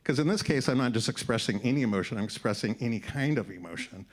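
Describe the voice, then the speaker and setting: A man's voice: mid-range voice, expressive, fast talker. A man speaking as a conference presenter, explaining slides in an upbeat way to a live audience in an event room. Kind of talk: short-format tech presentation.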